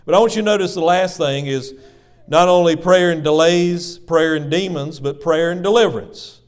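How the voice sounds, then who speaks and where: A man's voice: a little high, moderate pace. A man preaching a sermon in church, dramatic and repetitive, calling the congregation folks. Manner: dramatic swings between loud emphasis and hushed asides. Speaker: pastor.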